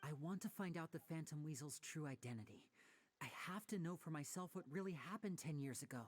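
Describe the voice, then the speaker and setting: An actor voicing a proud, polite young stage magician in a game cutscene, with a formal, smooth, courteous way of talking. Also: male voice, a little high, lively intonation, quick pace, faint music behind.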